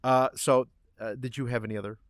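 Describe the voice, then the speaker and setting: A man's voice: mid-range voice, fairly quick, dry recording, studio quality. A man co-hosting a podcast in casual chat, animatedly retelling commercials with little acted asides. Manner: animated storyteller, recounting ads with acted asides. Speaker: podcast co-host.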